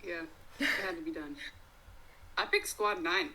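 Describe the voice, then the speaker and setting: A woman's voice: lowish voice, sing-song, a little slow, pushed and bright, a little hiss or hum, rough recording. A young woman in her twenties co-hosting a podcast, chatting casually with lots of fillers and giggles. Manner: giggly, filler-heavy fan talk. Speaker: podcast co-host. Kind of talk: casual chat.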